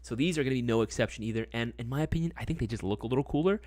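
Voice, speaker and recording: A man's voice: medium pitch, racing, darkish tone, no room sound. A young man chatting casually on a live stream, loose and slangy, always checking in with "right?". His voice sits in a middle range. The sound is dry and close, with no room around it. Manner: laid-back, slangy, lots of "right?" and "man". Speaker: livestream host.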